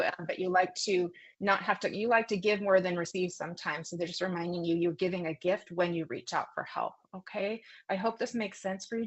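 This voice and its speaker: A woman giving a psychic reading, talking in a gentle, consoling way, rambling and apologising with many fillers and restarts. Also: lowish voice. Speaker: psychic medium. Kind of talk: live online psychic reading.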